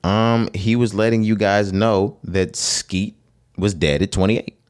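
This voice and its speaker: A young man with a deep, low-pitched voice co-hosts a podcast. He talks in a relaxed, slangy way and laughs easily. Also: smooth. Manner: slangy, laid-back, quick to laugh. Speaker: podcast co-host. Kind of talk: casual chat.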